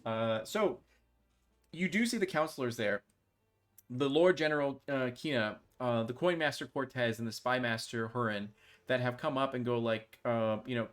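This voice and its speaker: A man's voice: medium pitch, moderate pace, a bit bright. A man running a tabletop role-playing game as game master, narrating in a loose, filler-heavy way.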